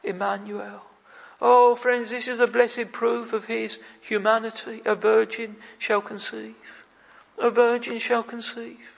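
A man's voice: very high-pitched, flat delivery, a little slow, vocal fry. A man preaching a fervent sermon, repeating phrases and calling out "oh, friends". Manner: fervent, repetitive, frequent "oh, friends". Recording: long hall reverb.

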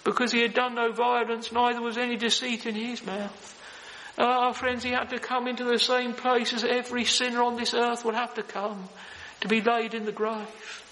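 A man's voice: extremely high pitch, level tone, normal speed, pushed and bright, big-room sound, a little hiss or hum, poor audio. A man preaching a sermon in a solemn, earnest manner, often calling out "oh" and "friends".

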